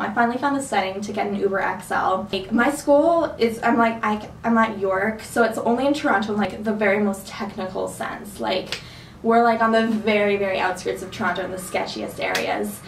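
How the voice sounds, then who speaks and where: A woman's voice: medium pitch, reverberant, recorded from a distance, a little hiss or hum, poor audio. A young woman vlogger telling a rambling story in a casual chat, full of "like"s. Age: young adult. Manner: chatty, rambling with many "like"s. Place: dorm room.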